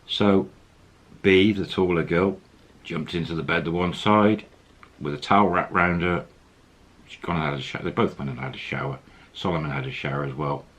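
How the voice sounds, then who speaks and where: Brief: a man with a low, husky voice, rambling through a casual anecdote. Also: moderate pace, a bit bright. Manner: rambling, with fillers and laughs. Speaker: storyteller. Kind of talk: casual storytelling.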